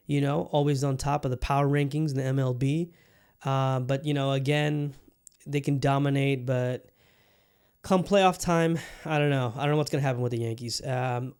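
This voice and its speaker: A man talks on his solo podcast in a loose, rambling way, often starting over and throwing in a curse now and then. His voice sits at a middle pitch for a man. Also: a little mellow, smooth. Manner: rambling, many fillers and restarts, casual swearing. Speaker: podcast host. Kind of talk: casual solo podcast chat.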